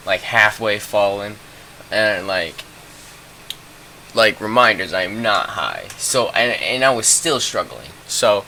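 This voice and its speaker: Bright-voiced young man rambling through a story. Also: on the low side, a little hiss or hum. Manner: rambling, profane, full of fillers. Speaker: vlogger telling a story. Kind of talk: casual storytime.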